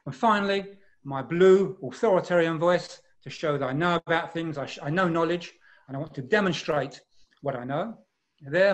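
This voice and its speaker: Man presenting in a fairly high voice. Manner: explanatory, with frequent pauses and filler sounds. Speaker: management trainer presenting a webinar. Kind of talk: online presentation. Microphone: video call.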